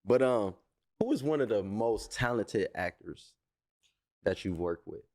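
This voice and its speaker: A man's voice: fairly low pitch, lively intonation, measured pace, a little mellow. A man hosting a podcast, chatting casually in a laid-back way, mostly giving short agreeing replies. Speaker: podcast host. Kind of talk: casual interview chat.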